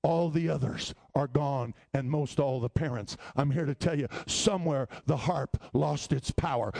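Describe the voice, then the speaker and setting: Gravelly preacher man telling a story. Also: on the high side, normal speed, few pauses. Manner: storytelling preaching that climbs into shouting. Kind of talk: sermon.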